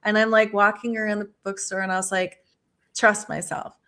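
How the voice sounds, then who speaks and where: A woman's voice: mid-range voice, level tone, moderate pace, sharp tone. A woman author speaking as a podcast guest, earnest and enthusiastic, telling a personal story in a reflective, conversational way. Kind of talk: conversational interview.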